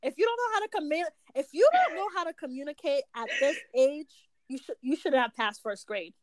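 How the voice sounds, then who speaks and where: A woman co-hosting a podcast in casual chat, expressive and playful. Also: high-pitched, fairly quick, no echo. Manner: expressive, jumps into squeals and playful voices. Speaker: podcast co-host.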